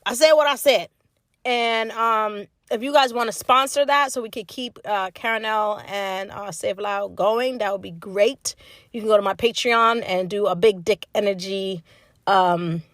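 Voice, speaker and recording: A woman hosting a podcast alone, talking casually in a blunt, profane way with sudden emphatic jumps in pitch. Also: no echo. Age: older. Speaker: podcast host. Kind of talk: casual solo podcast monologue.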